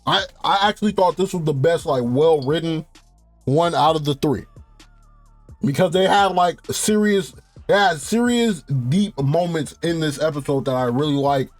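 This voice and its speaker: At normal speed, a young reviewer with a bright, high-pitched voice rants through a TV recap, cursing freely, laughing often and getting fired up. The sound is close and dry, without echo, and there's faint music in the background.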